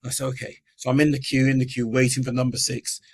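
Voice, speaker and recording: A man's voice: mid-range voice, fast talker. Man telling a vivid story. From England. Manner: animated storyteller acting out quoted voices. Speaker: guest. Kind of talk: storytelling in a podcast interview.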